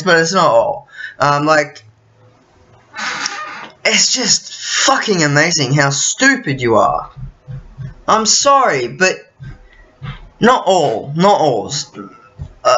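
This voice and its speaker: A man's voice: sits high, pushed and bright, rough recording. An Australian man vlogging in a casual, profane, rambling rant full of restarts and fillers. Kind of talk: casual ranting monologue.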